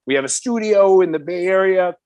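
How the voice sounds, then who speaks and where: A calm, sage-like older rock guitar legend offers gentle encouragement, as a man quotes him in a story. The voice is pitched slightly high and recorded close and dry. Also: brisk, no echo, close to an everyday voice. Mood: easygoing.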